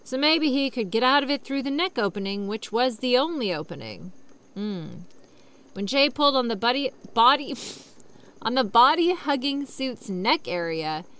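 An animated young woman with a fairly high voice reads a story aloud at a moderate pace as an online commentator. She repeatedly stops to rant about it sarcastically, cursing freely and getting loud in bursts.

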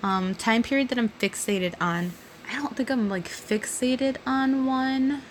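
A woman in her thirties who is openly drunk reads listener questions aloud and answers them at an unhurried, drawn-out pace. She giggles and rambles, and her voice often falls to a soft, almost whispered hush. A faint background hiss runs under the recording. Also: a little high. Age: 30s. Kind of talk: casual solo Q&A monologue.

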